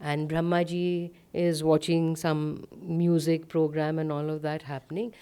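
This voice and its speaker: A woman's voice: low-pitched, level tone, measured pace, warm tone, clean tone. A woman giving a spiritual talk, telling a story in a conversational way with frequent fillers. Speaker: satsang speaker.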